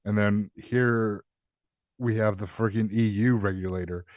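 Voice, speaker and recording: Low-voiced, halting man ranting on a podcast. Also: steady tone, a little mellow, no room sound. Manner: halting, restarts, swears for emphasis. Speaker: podcast co-host. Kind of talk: casual podcast chat.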